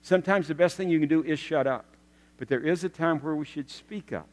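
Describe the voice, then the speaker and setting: A male pastor preaches in a folksy, joking way and keeps the congregation involved with questions. His voice sits fairly high for a man. It rings out with the long reverb of a large church hall. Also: a little fast. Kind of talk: sermon.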